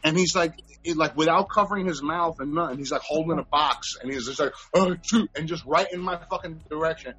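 A man's voice: a little high, quick pace, few pauses, bright, forceful tone, husky, lo-fi sound, soft background music. A man telling rambling, profane stories in a casual chat from home.

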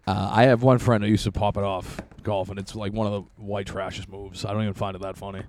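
A man's voice: lowish voice, little pitch movement, quick pace, darkish tone, slight background noise. A young man hosting a casual podcast, joking crudely in a laid-back way. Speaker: podcast host.

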